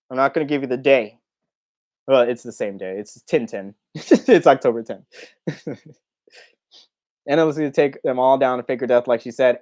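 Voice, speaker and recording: Young male host, slightly raised pitch, loose chatty livestream delivery, reads comments aloud, quick to laugh. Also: darkish tone. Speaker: YouTube host. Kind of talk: casual livestream Q&A chat.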